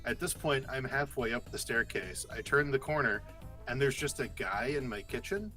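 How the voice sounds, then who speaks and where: A man co-hosting a casual chat, telling a story in an animated way and swearing freely. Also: medium pitch, moderate pace, faint music behind. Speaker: podcast co-host.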